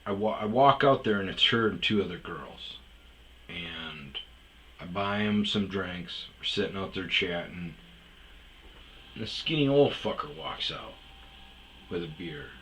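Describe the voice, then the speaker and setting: Male podcast storyteller, low-pitched and forceful, casual and profane, rambles with restarts. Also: animated, unhurried, pauses often, a little hiss or hum. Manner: rambling, restarts often, swears freely. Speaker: storyteller host.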